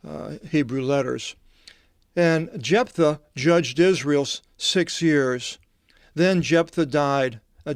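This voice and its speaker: Man reading scripture, crisp and dry. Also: fairly high pitch, dry recording. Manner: meandering, digressive, halting asides. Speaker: Bible translator teaching.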